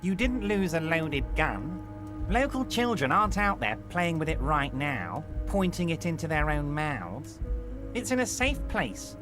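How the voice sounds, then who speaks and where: A man's voice: a little high, big pitch swings, a little slow, over music. A man voicing a fawning middle-aged union boss who talks in an oily, overly reassuring, theatrical way. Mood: smarmy. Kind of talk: fan voice acting of a game.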